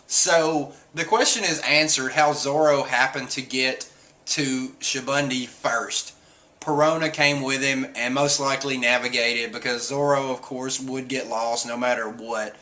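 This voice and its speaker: A man casually recapping a comic chapter, animated, often laughing and acting out lines in squeaky voices. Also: a little slow. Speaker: manga chapter reviewer.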